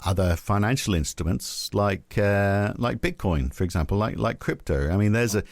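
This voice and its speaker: Low-voiced man musing as podcast host. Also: moderate pace, creaky, dry recording, clean studio sound. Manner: musing, rambling, many restarts. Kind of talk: casual chat on economics.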